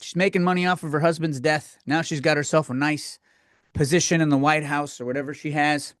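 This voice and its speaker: Young guy, solo podcast ranter, blunt and cussing, rambles and restarts, higher-pitched, dead-dry recording. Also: fairly even intonation, fairly quick, a bit bright, no echo. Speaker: podcast host.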